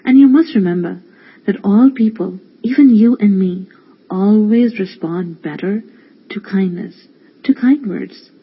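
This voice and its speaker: A wise, gentle mother, voiced by a storyteller, explains things to her son calmly. She speaks with a slightly breathy softness, and the lo-fi recording muffles her. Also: medium pitch, unhurried. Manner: calm, gentle advice. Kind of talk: storybook reading.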